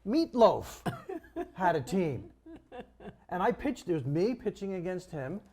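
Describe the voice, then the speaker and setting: A man's voice: sits high, sing-song, unhurried, mellow. An older man, a comedian co-hosting a podcast and telling upbeat anecdotes with dry jokes. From Long Island, New York. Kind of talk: casual chat.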